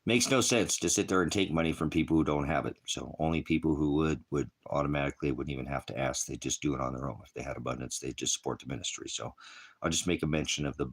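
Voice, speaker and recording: A man's voice: very deep voice, quick pace, husky. A middle-aged man, a pastor of an online ministry, giving a rambling, impassioned casual sermon. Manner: rambling and impassioned, mocks with put-on voices.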